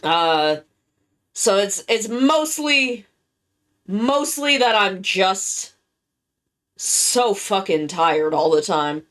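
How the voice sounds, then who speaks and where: A worn-out woman chatting casually with her live-stream viewers, halting and rambling as she recovers from being sick. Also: mid-range voice, lively intonation, fairly bright tone. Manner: rambling, halting, with many restarts. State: worn-out and tired, recovering from illness.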